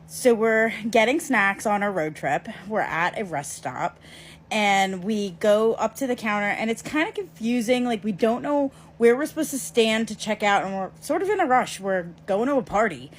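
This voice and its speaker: A woman telling a story from her own life to camera in a casual vlog, lively and emphatic, with quick asides to the viewer. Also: medium pitch, a little hiss or hum.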